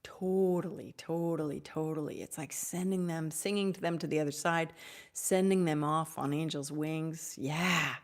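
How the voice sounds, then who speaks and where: A woman hosting a live Q&A on spiritual topics, effusive and gushing, sometimes dropping into soft whispers. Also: low voice, steady tone, measured pace. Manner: warm, effusive, drops to soft whispers at times. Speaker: host answering audience questions.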